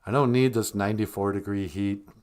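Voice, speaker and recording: A man's voice: lowish voice, steady tone, brisk, a little mellow. Joking man chatting on a stream. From northern Minnesota. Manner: joking, laughs often, rambling. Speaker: live stream host. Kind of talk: casual chat on a live stream.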